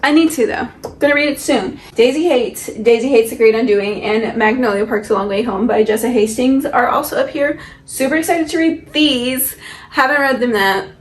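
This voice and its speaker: A woman's voice: on the high side, normal speed, a little hiss or hum. A young woman chatting casually as she shows off the books on her shelf, rambling and asking herself questions. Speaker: book vlogger. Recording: echoey room with soft music. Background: soft background music.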